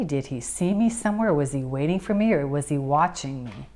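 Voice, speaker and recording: A woman's voice: sits low, lively intonation, fairly quick, few pauses, mellow, a little hiss or hum. Older woman recalling a frightening ride. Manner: vivid retelling, acting out quoted speech. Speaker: interviewee, survivor. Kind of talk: emotional personal recollection.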